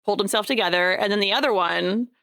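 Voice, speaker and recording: A woman's voice: mid-range voice, fast talker, vocal fry, clean tone. A woman in her thirties chatting casually, telling parenting stories and quoting herself to her kids. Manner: animated storytelling, quoting herself at length. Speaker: parent co-host. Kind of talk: casual chat.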